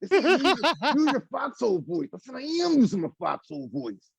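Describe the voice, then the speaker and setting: A man putting on a cocky wrestling-legend impression in a raspy, gravelly growl during a casual podcast chat. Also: very high voice, wildly swooping pitch, no echo, voice pushed up, heavily acted. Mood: gravelly swagger. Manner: drawn-out, strained growl. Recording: dull lo-fi call audio.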